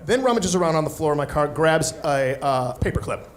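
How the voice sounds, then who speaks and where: Animated man telling a stand-up story. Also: fairly high pitch, fairly quick. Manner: animated, acts out other people's voices. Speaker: stand-up comedian.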